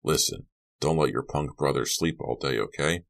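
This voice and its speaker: A man voicing a middle-aged police lieutenant and father who speaks in a flat, matter-of-fact way. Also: extremely low pitch, moderate pace, vocal fry.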